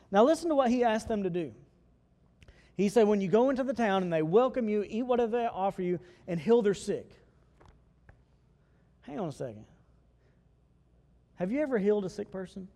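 A man preaching a sermon as pastor, animated and acting out the voices of the people he quotes. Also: high voice, normal speed, long pauses, long reverb tail. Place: church sanctuary.

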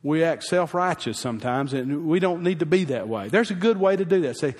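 A man's voice: fairly high pitch, expressive, a little fast, darkish tone. A man, a pastor telling a heartfelt personal story in a folksy sermon. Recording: long hall reverb.

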